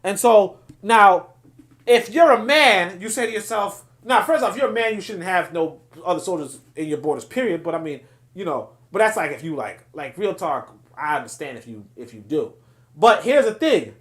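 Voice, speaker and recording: A man's voice: high-pitched, animated, normal speed, a bit bright. A man hosting a political livestream, reading viewer chat and commenting in a passionate, digressive way with frequent restarts.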